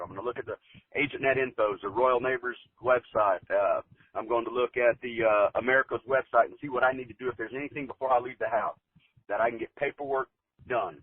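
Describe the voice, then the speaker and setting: A man's voice: medium pitch, husky, no room sound. Folksy man on a tinny phone-like line. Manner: folksy and plainspoken, with frequent fillers. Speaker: insurance agent giving a talk. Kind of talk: motivational talk with folksy anecdote. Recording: tinny phone-like dry sound.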